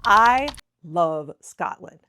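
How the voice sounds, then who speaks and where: An American woman chats to camera in a bubbly, self-mocking way. Her pitch swings up and down a lot, and she keeps the talk casual like a travel vlog. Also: expressive, very slow, pushed and bright, a little hiss or hum. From United States. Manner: bubbly, chatty, laughs at herself. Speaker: travel vlogger.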